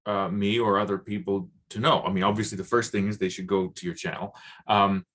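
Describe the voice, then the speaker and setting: Male host from Ontario, Canadian accent, hesitant delivery with fillers, slightly low voice. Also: fairly even intonation, a bit bright. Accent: Southern Ontario Canadian. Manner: halting, many restarts and fillers. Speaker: podcast host. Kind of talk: casual interview chat.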